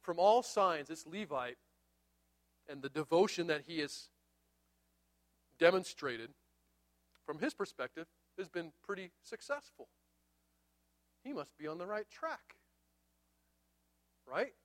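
High-voiced man preaching a lively sermon. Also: slow pace, long pauses. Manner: animated storytelling, acts out the characters. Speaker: pastor.

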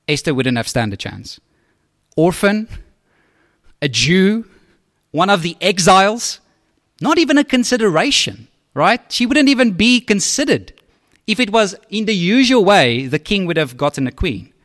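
A man's voice: a little high, a bit bright, dry recording, clean studio sound. A man preaching as a pastor, talking conversationally and often checking in with the congregation. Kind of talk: sermon.

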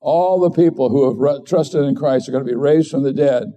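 A middle-aged man preaches in an earnest, conversational way, often backing up to restart a phrase. His voice is deep and very mellow, with a dark, warm color. He speaks as a pastor addressing his congregation. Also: a little fast, lo-fi sound. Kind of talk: sermon.

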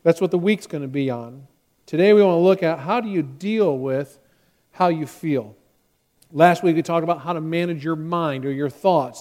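A man's voice: high-pitched, a little mellow. A man preaching a sermon as pastor, talking directly to his congregation and acting out quotes with rising force.

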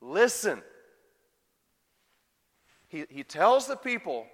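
A man's voice: sits high, expressive, unhurried, pushed and bright, long reverb tail. A man preaching a sermon and putting rhetorical questions to his congregation. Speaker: pastor.

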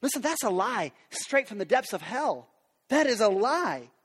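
A man's voice: very high voice, very animated, normal speed, husky. A man preaching a sermon to parents in an earnest, conversational way. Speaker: pastor. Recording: long reverb of a large hall.

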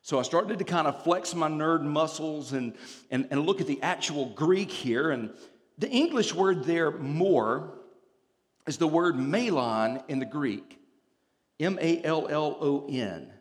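Animated male preacher in a reverberant hall. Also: fairly high pitch, measured pace. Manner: animated, humorous storytelling with scripture explanation. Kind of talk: sermon.

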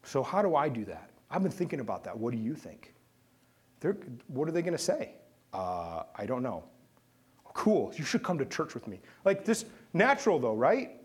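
A man's voice: medium pitch, very animated, moderate pace, a little mellow, breathy edge. A man preaching a sermon and leading a closing prayer, talking to the congregation and asking them questions. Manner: conversational, asks the congregation questions. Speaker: pastor.

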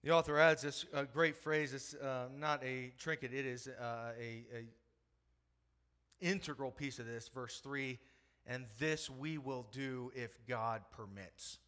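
A man in his thirties preaching a sermon, dropping to hushed lows and rising to loud emphatic peaks, repeating phrases and restarting as he goes. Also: a little slow. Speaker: pastor.

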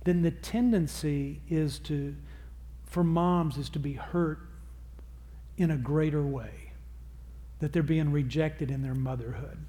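Middle-aged guy giving a seminar talk, kinda high voice, jokey and loose, plays out little quotes. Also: steady tone, slow, long pauses, dark tone. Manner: conversational, self-deprecating, acts out quotes. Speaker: seminar speaker on parenting. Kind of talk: live seminar talk to an audience. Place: church or seminar hall with audience.

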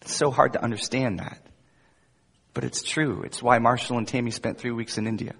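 A male pastor delivers a sermon with emphatic force, dropping at times to hushed, intimate asides. His voice is slightly husky, and it rings out with a long reverb in a large hall. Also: mid-range voice, fairly even intonation, normal speed. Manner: emphatic preaching with wide swings between loud emphasis and soft asides.

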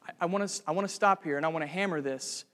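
Man, high voice, preaching, earnest, fervent emphasis, echoing church sanctuary. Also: racing, fairly bright tone. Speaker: pastor. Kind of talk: sermon.

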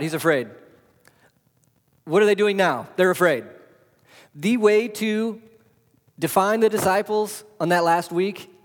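Animated preacher man in a reverberant hall. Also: on the high side. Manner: animated preaching, rhetorical questions, swings loud to soft. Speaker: pastor. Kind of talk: sermon. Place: church hall.

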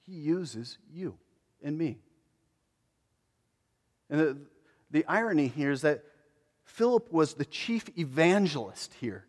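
A man delivers a conversational sermon, his voice sitting a bit high for a man. He leans hard on some lines and drops to near quiet on others. A long reverb trails each phrase, as in a large church hall. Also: animated, takes it slowly, long pauses. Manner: conversational preaching, swings from emphatic to hushed. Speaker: pastor.

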